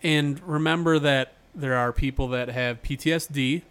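A man's voice: medium pitch, fairly even intonation, moderate pace, a bit bright, smooth. A man co-hosting a podcast, chatting loosely and rambling with plenty of swearing. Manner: loose, profane, rambling banter. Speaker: podcast co-host. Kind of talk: casual podcast chat.

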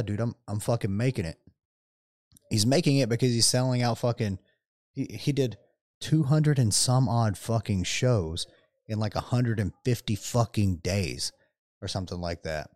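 A man's voice: lowish voice, no room sound, clean studio sound. Swearing, ranting podcast guy. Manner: heavy swearing, animated rants. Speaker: podcast co-host. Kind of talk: casual chat.

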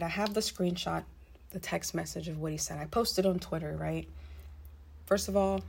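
With a fairly low, creaky, husky voice, a young vlogger shares a personal story in a casual way. Her retelling is animated, blunt and full of swearing, with asides popping up throughout.

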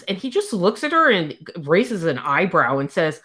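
A woman's voice: on the low side, sing-song, unhurried, fairly bright tone. A woman co-hosting a casual chat, animatedly retelling a book's plot and acting out the quotes. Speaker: podcast co-host. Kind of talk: casual book recap chat.

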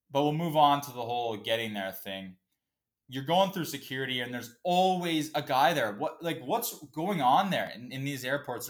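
A man's voice: medium pitch, a bit bright. A man hosting a casual solo podcast, ranting in a profane, emotional, fired-up way. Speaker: podcast host.

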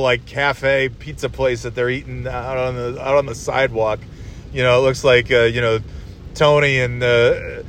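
A man in his forties hosting a casual solo monologue from inside a moving car, rambling, swearing and full of fillers. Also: on the high side. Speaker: podcast host. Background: faint vehicle hum.

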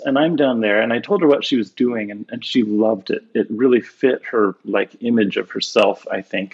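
Guest storyteller, middle-aged man, gravelly and husky, dull lo-fi sound. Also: medium pitch. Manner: animated anecdotes with frequent laughs and restarts. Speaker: guest, professor and author. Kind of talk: conversational storytelling.

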